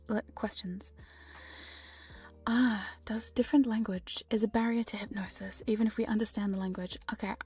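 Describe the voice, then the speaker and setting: Young woman, hushed ASMR whisper, mellow and breathy, playful and giggly, faint music underneath. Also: mid-range voice. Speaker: ASMR streamer.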